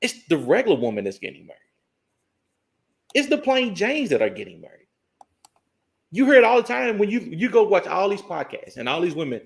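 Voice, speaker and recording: A man's voice: sits high, sing-song, brisk, creaky, long pauses. A man co-hosting a casual podcast discussion, arguing his points step by step. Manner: argumentative, builds points step by step.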